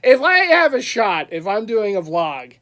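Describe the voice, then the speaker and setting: A man's voice: high-pitched, sing-song, measured pace, fairly bright tone. A man chatting casually in a vlog, telling a rambling story with frequent laughs and restarts. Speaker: collector vlogger.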